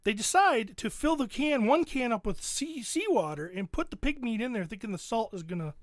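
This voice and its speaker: A man's voice: very high voice, expressive, fairly quick, dry recording, clean studio sound. A man hosting a podcast, animatedly retelling a show in casual, profane chat. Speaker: podcast host.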